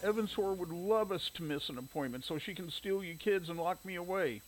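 Guy doing a sick worried mom from a story, kinda soft and higher, anxious. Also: fairly quick, faint music behind, natural voice, poor audio. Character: sick worried mother, raspy and pleading.

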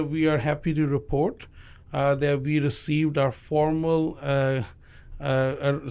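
Middle-aged male CEO guest, studio interview, pitch on the higher side, careful and halting. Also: a little mellow. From Pakistan. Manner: measured, halting speech with many "uh" fillers. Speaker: pharmaceutical company CEO guest.

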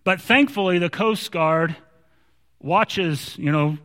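Male preacher, conversational emphatic sermon delivery, bright tone, long hall reverb. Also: high-pitched, takes it slowly.

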